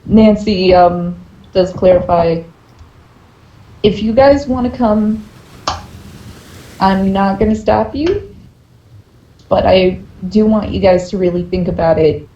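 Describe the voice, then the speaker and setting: A woman's voice: medium pitch, slow pace, pauses often, warm tone. A woman player chatting casually at a tabletop game, hesitant, with many fillers. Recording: dull, roomy amateur recording.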